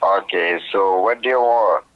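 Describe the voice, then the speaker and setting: A man's voice: low voice, unhurried. A man working as a call agent on a phone line, brusque and cursing. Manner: rude, curses and shouts.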